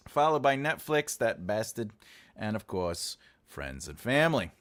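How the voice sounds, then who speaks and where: A man's voice: medium pitch, lively intonation, normal speed, fairly bright tone. A man hosting a writing channel, talking casually and playfully to viewers with jokey asides.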